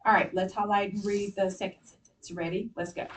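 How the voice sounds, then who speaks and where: A woman's voice: mid-range voice, steady tone, fairly quick, recorded from a distance, slight background noise. Woman teacher heard from across a classroom. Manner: patient, directive, step-by-step instructions. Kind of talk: classroom spelling lesson.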